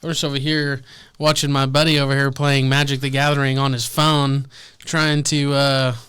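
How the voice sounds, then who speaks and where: Man with a very clear, smooth voice. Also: medium pitch, little pitch movement, moderate pace, fairly bright tone. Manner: laid-back, laughs easily, hesitant fillers. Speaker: podcast guest. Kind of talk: casual chat.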